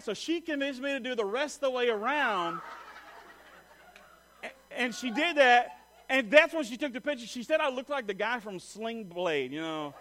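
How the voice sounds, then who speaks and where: Middle-aged guy preaching, bright tense voice, tells a funny story to the church. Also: very high voice, moderate pace, a little hiss or hum. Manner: animated storytelling, jokes with the congregation. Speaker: pastor. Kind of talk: sermon with a personal story.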